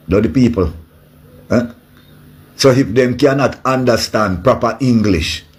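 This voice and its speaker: A Jamaican man speaks with a heavy Patois accent in a fired-up political rant. His voice sits low, and he keeps cursing and repeating himself. He spikes into loud bursts, then drops to muttering. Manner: angry, profane, repeats himself, swings between loud peaks and low mutters. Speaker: political commentator.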